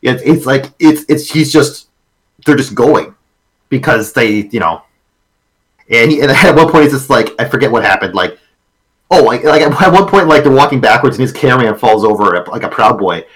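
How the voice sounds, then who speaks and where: Halting, sweary podcast co-host man. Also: medium pitch, lively intonation, a bit bright, low-quality recording. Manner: halting storytelling, repeats words, swears casually. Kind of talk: casual chat.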